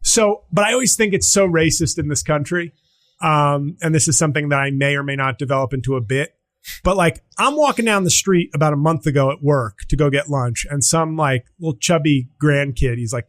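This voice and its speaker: A middle-aged man hosts a casual comedy podcast in a notably high voice. He talks in an animated way and drops into quick put-on voices when he quotes people. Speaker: podcast host.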